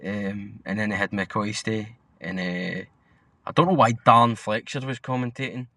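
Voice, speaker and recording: Sweary Scottish lad with a bright voice. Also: male voice, fairly low pitch, moderate pace, no room sound. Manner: sweary, blunt, rambling. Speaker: podcast co-host. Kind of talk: casual football chat.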